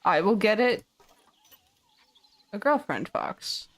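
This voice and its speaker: A woman's voice: mid-range voice, very animated, slow pace. A woman streaming a game, chatting casually with viewers and her pet.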